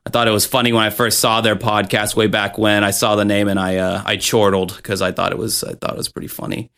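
Bright-voiced joking male podcast host. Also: on the low side, level tone, brisk, vocal fry, smooth. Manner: joking, rambling, playful put-on voices. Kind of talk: casual podcast chat.

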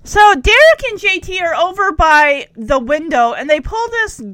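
A woman's voice: very high voice, very animated, moderate pace, a bit bright, dry recording. A woman chatting through a recap of a TV episode, laughing often and making teasing asides. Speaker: show recap host. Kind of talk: casual recap commentary.

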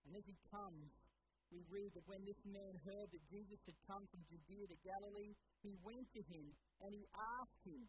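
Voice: mid-range voice, moderate pace, a little hiss or hum, poor audio. A pastor giving an earnest sermon, speaking straight to the congregation with rhetorical questions. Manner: earnest, addresses listeners directly with rhetorical questions.

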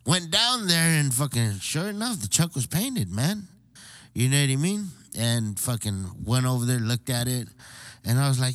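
In a medium-pitched voice at normal speed, with no echo, a man tells a casual story full of profanity, vividly performing the quotes of those involved.

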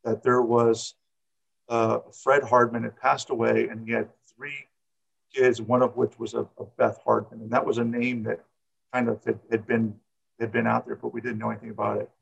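A man's voice: medium pitch, little pitch movement, normal speed, creaky, breathy edge, highs cut off. A middle-aged man who coaches, telling a personal story in an interview, rambling and repeating words with many fillers.

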